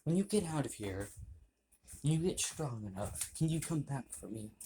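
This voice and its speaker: A man voicing a gentle sad young woman. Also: medium pitch, big pitch swings, normal speed, a little hiss or hum. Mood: pleading.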